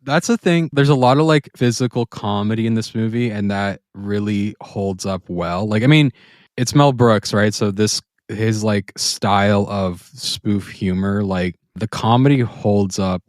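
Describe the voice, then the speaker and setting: A man with a fairly low voice talks through a comedy film he has just rewatched, animated and quick to laugh. He jumps into squeaky voices when quoting lines. The sound is close and dry, with no room around it. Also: dry recording. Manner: enthusiastic, laughs often, acts out quoted lines in high voices. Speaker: podcast co-host. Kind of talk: casual film review chat.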